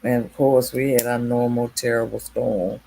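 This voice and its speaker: A woman's voice: rumbling low, level tone, normal speed, vocal fry, dark tone, slight background noise. A woman hosting a casual late-night livestream, chatting with viewers by name and laughing often. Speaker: livestream host.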